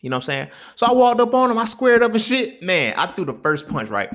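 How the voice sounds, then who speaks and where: At a quick pace, the young adult podcast host spins a slangy, casual story, alternating low mutters with loud, excited bursts.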